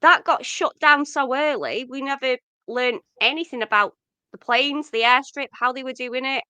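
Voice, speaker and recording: Bright-voiced woman chatting about films. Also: high-pitched, normal speed, smooth, no room sound. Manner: chatty, lots of fillers, rising excitement. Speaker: podcast co-host. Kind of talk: casual film discussion.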